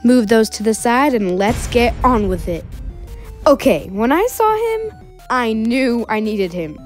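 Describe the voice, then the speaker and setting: A woman's voice: a little high, big pitch swings, measured pace, faint music behind. A woman hosting a casual toy unboxing vlog, chatty and bubbly, laughing at herself now and then. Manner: bubbly and chatty, giggly asides. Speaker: toy reviewer.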